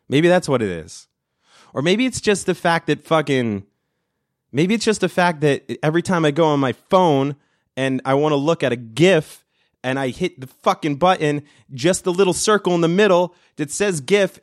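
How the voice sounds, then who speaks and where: Ranting podcast host, profane and blunt. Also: male voice, on the high side, animated, normal speed, no room sound, studio quality. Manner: profane, ranting, bursts into loud screams. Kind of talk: solo podcast rant. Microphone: studio mic.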